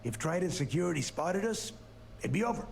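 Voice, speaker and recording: A man's voice: on the high side, expressive, brisk, a little hiss or hum. A man voicing a commanding, impatient male pirate boss in a video game, giving curt orders. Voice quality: gravelly. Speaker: game character.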